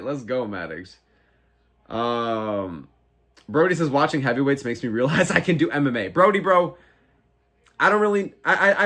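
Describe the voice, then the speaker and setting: A man in his twenties hosting a live fight watch-along, reading chat aloud and reacting in a profane, excitable way. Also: mid-range voice. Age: 20s. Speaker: live stream host.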